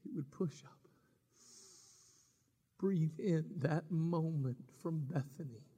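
Dramatic high-voiced preacher in a big hall. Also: male voice, husky. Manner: dramatic preaching, swinging from shouts to whispers. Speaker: pastor. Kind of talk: sermon.

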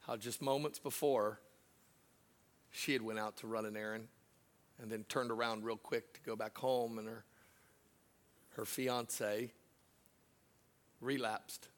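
With a steady tone and medium pitch, a middle-aged pastor shares a personal story in his sermon. His delivery veers between loud laughing asides and quiet, slow moments.

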